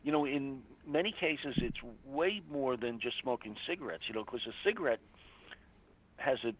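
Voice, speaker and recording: A man's voice: medium pitch, lively intonation, normal speed, rough recording. Earnest man explaining, full of "you know". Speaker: local anti-drug alliance coordinator, radio guest. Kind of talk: casual radio interview.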